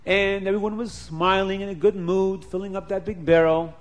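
A man with a notably high voice tells a children's folk story. He is animated, repeating words for emphasis and adding sound effects. The delivery is simple and lively. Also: normal speed.

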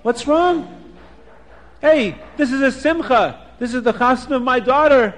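A man's voice: extremely high pitch, unhurried, big-room sound, pitched above the performer's own voice. A man voicing a kind, wealthy father of the bride who protests earnestly and in confusion. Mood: bewildered. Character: kindly bewildered rich father of the bride.

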